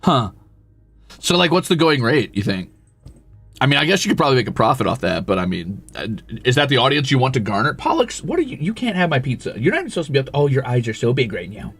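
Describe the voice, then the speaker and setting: Husky, lively-voiced male streamer. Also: mid-range voice, fast, faint music behind. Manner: teasing, swears casually, coos and scolds at his cat. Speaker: live streamer. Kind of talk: casual live-stream chat.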